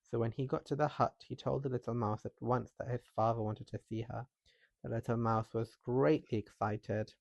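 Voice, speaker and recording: A man reading a folktale aloud in calm scripted narration, with a soft and calming manner. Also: medium pitch, normal speed, vocal fry, no echo. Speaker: storyteller.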